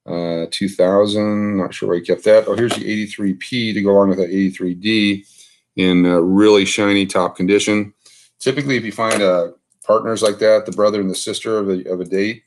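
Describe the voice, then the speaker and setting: A man casually showing his coin collection on camera, talking off the cuff with lots of fillers and asides. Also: lowish voice. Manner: relaxed, unscripted, many fillers and asides. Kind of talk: casual show-and-tell narration. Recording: faint background noise with clicks.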